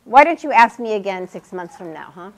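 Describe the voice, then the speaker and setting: A woman's voice: mid-range voice, animated, a little fast, natural voice. An actress playing an established woman writer who lectures her student with precise, pointed speech in a stage scene. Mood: dry. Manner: lecturing, precise, wide-ranging inflection. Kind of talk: stage scene performed on a talk show.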